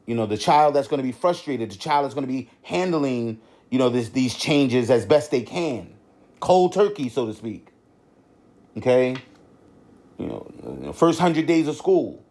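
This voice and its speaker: Man, middle-aged, podcast host, warm mellow tone, rambling, heavy "you know" fillers. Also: mid-range voice, sing-song, a little slow. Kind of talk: unscripted podcast monologue.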